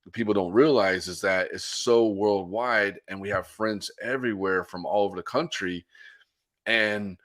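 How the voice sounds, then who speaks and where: A man's voice: lowish voice, normal speed, fairly bright tone. An American man hosting a casual podcast interview, laughing easily and restarting his sentences as he talks. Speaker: podcast host.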